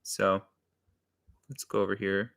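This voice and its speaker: A man's voice: deep voice, flat delivery, takes it slowly, vocal fry, fairly bright tone. A man casually thinking aloud while writing a comedy sketch on a live stream, answering chat and chuckling as he goes.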